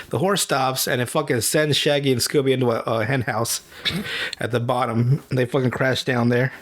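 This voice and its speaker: A man hosting a podcast, retelling a cartoon episode in casual, profane chat, laughing often and slipping into quick character voices. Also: medium pitch, fairly even intonation. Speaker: podcast host.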